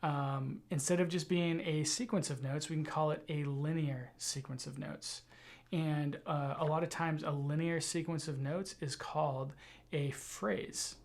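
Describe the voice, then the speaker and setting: A man teaching a music tutorial, explaining ideas in a relaxed way with frequent fillers. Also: a little high, measured pace. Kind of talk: tutorial lesson.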